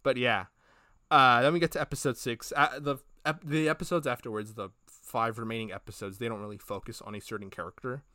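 A male podcast cohost talks through a story in a loose, rambling way, filling gaps with "like" and "uh" and acting out bits of dialogue. His voice sits at an ordinary middle pitch. The sound is close and dry, with no room around it. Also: brisk, dry recording. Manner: rambling, animated retelling with many fillers and acted quotes. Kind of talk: casual review chat.

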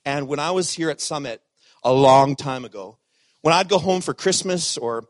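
Man, middle-aged, pastor, sermon, animated delivery, loud-to-hushed swings, slightly high pitch. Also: moderate pace, no room sound.

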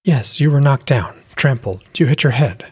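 A caring young innkeeper woman tends her hurt lover, gentle yet firm as she scolds him to rest, as a man puts her on. Her voice sits a little higher than the reader's own, husky and dry, close to the mic. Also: lively intonation, normal speed, dry recording. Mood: worried.

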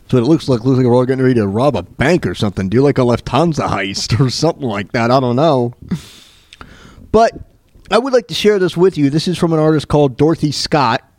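A man's voice: mid-range voice, animated, a little fast, long pauses, darkish tone, no echo. A man hosting his own radio show, talking casually and rambling with many restarts. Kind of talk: casual solo radio talk.

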